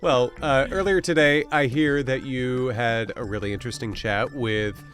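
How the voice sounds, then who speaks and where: A man's voice: mid-range voice, normal speed, over music. Easygoing man hosting a political podcast. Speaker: podcast host. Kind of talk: casual political chat.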